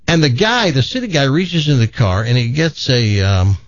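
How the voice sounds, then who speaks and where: A man's voice: mid-range voice, lively intonation, moderate pace, few pauses, no room sound, dull audio. A man hosting a radio show, telling a long farm joke in a folksy way and switching voices for the characters. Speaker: radio host.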